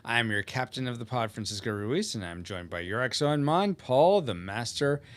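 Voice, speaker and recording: A man hosting a podcast in casual, joking banter, quick to laugh. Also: mid-range voice. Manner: jokey, animated, laughs often. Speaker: podcast host. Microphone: podcast mic.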